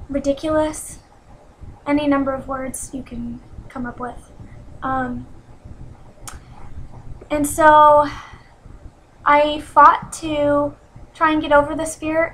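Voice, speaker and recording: A woman in her twenties telling a personal story in an earnest, self-critical way, with many pauses and restarts. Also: high voice, a bit bright, a little hiss or hum, low-quality recording. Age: 20s. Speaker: vlogger. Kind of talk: personal confessional vlog.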